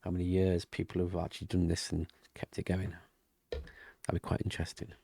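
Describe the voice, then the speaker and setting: Male vlogger, low gravelly voice, soft half-whispered rambling, dry close desk mic. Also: monotone, brisk, no room sound. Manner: quiet, rambling, often half-whispered talk. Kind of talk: casual diary vlog. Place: home room with thin walls. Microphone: desk mic and webcam.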